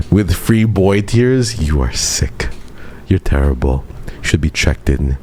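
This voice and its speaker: Teasing his stream chat in a playful, mock-dramatic way, a young man talks casually in an extremely low, dark and mellow voice. A slight hiss sits under the sound of his desk microphone.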